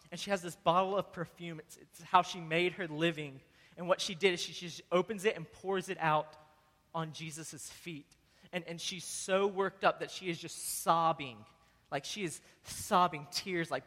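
A man's voice: fairly high pitch, bright, forceful tone, long reverb tail. A man preaching a sermon in a casual, earnest way, often saying "man" and repeating words as he goes. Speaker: pastor.

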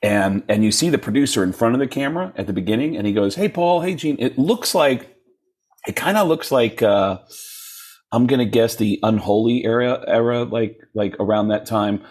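Husky-voiced man telling a story. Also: normal speed, a little mellow. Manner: acts out voices in quoted dialogue, jumping high and low. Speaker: comedian and impressionist guest. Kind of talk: animated storytelling with impressions.

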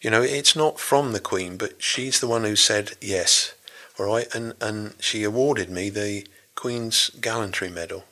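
A man's voice: on the low side, unhurried, few pauses, bright, forceful tone. An older man from Britain, a former navy rescue diver, telling his story in a casual interview, rambling with many restarts and fillers. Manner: rambling, full of restarts and "you know".

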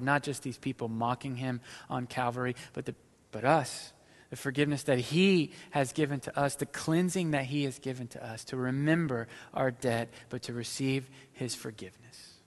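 A male pastor at mid pitch delivers a sermon, reading scripture and then pressing his points with slow, weighted pauses. His lines often sink to a near hush. The voice carries a long reverb tail, as in a large church sanctuary. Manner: reads scripture then preaches with slow, emphatic pauses and quiet, hushed lines.

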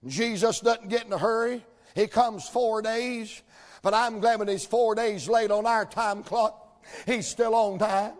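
A man preaching a folksy sermon in a church, telling the story with energy and building to shouts. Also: sits high, steady tone, a little slow. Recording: long hall reverb.

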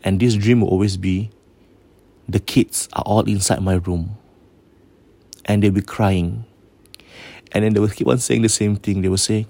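A man with a Singaporean English accent casually retelling a ghost story, mixing in Malay and often restarting his sentences, going quiet at the eerie parts. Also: fairly low pitch, fairly even intonation, measured pace, creaky, long pauses. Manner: drops to a hush for eerie parts.

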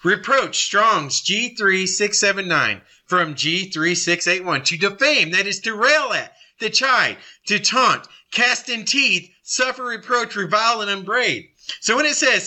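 A middle-aged man leading a Bible study, blunt and confrontational, with quick asides to his group. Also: very high voice, bright, forceful tone. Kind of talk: forceful Bible study teaching.

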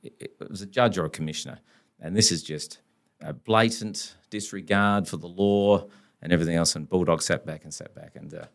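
A very deep-voiced Australian man spinning blunt, down-to-earth anecdotes. He talks in a casual, colloquial way as a podcast guest. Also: fairly quick, gravelly, few pauses. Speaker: company founder, guest. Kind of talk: casual storytelling.

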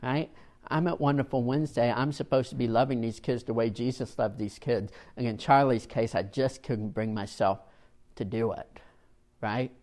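A man's voice: medium pitch, steady tone, moderate pace, a little mellow. A man tells a sermon story in a loose, conversational manner. He often restarts his sentences and checks in with the listeners. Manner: conversational, frequent restarts and tag questions. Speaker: church children's program volunteer.

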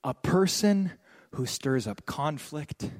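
Man preaching, high voice, lively swooping delivery, young adult pastor, jokey asides, echoing church hall. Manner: animated preaching, jokes and quick voiced asides. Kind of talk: sermon.

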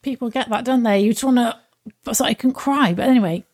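A woman co-hosting a podcast in a casual chat, talking openly and emotionally with frequent restarts and pauses to search for words. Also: on the high side, a little mellow. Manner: open and emotional. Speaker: podcast co-host.

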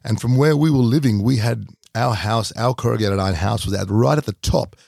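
A middle-aged Australian man hosting a podcast and telling a personal story, pausing and repeating words as he recalls. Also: on the low side, creaky, darkish tone, breathy edge, no room sound, studio quality. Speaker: podcast host.

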